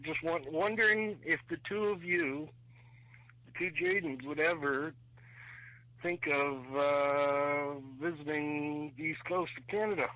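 A man calling in to a radio show by phone, speaking hesitantly with halting pauses. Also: a little high, sharp tone, no room sound, lo-fi sound. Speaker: caller. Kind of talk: call-in chat. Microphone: phone call.

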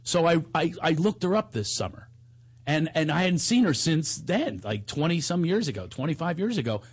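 A man in his forties, a comedian, telling animated stories in a casual chat and sometimes breaking into theatrical singing. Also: normal speed, breathy edge. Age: 40s. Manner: animated storyteller, bursts into high theatrical singing.

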